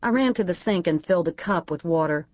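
A woman narrating a first-person audiobook in a lively, wry storytelling manner. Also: lowish voice, fast talker, no room sound, dull audio.

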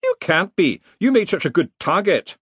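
A man voicing excitable, quarrelsome old wizards who shout at each other in an audiobook. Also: high voice, moderate pace, breathy edge, dry recording, studio quality, voice pushed up, heavily acted. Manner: shouting, indignant.

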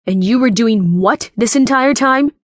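A man's voice: very high voice, a little slow, no room sound, clean studio sound, pitched above the performer's own voice. A woman voicing a shaken young man whose shaky voice hardens with bitterness.

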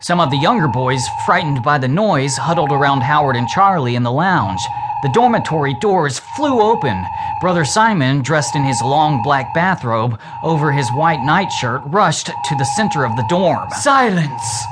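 A man narrating a children's book as an audiobook in a slow, measured reading. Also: a little high. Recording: loud steady hiss.

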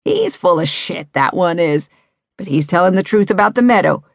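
A woman's voice: lowish voice, lively intonation, normal speed, no echo. A woman voicing a blunt, offhand seventy-year-old woman who lives on the street. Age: 70s. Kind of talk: audiobook character voice.

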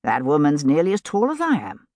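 A woman's voice: low-pitched, huge pitch swings, fairly quick, a little mellow, dry recording, studio quality. A woman voicing a courteous young male army officer with a grave, wry manner.

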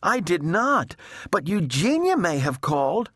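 A fretful, gentle old lady whose high voice quavers and swoops wildly as she worries, put on by a man narrating. The voice is a little husky and recorded close and dry. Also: very animated, measured pace, dry recording, exaggerated voice. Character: timid, fluttery older lady sister.

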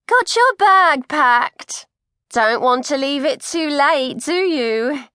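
Woman doing a high sing-song nosy coat check lady. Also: expressive, takes it slowly, sharp tone, no room sound, clean studio sound, full character voice. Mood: prying. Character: fussy chatty older woman coat check attendant.

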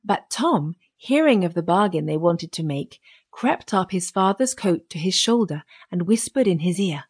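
A woman narrating a children's fairy tale audiobook in a steady storytelling manner. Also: fairly low pitch, normal speed, slightly rough.

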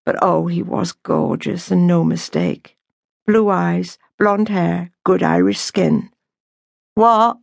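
A woman reading an audiobook novel aloud in a measured, unhurried storytelling manner. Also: fairly low pitch, fairly even intonation, gravelly, darkish tone, no echo, clean studio sound. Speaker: audiobook narrator. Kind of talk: scripted narration.

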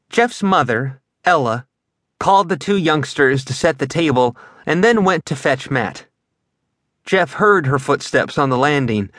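A man narrating a children's fantasy audiobook in a steady, vivid storytelling manner, close to a studio mic. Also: medium pitch, unhurried, no room sound. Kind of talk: scripted narration.

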